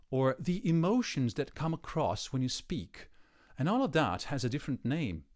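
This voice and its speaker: A man speaking as a voice coach in a thoughtful, emphatic talk to camera. His pitch rises and falls in a lively way, and he shifts between slow, weighty phrases and quicker stretches. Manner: reflective, emphatic, with varied pace and pauses.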